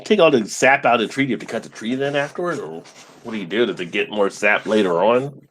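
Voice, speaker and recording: A man's voice: on the low side, lively intonation, fast, a bit bright, a little hiss or hum. A man hosting a casual live stream, reading viewer comments aloud and chatting with guests. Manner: reads viewer chat comments aloud, laughs easily.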